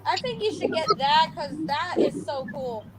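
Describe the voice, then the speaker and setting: A woman chatting on a video call, reacting with drawn-out, exaggerated exclamations. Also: high voice, animated. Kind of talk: casual video-call chat. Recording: call audio with loud background noise.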